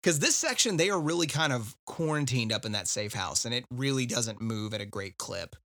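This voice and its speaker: A man's voice: mid-range voice, animated, a little fast, a bit bright, no echo, clean studio sound. A man hosting a casual book discussion podcast, recapping chapters with wry asides. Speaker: podcast host.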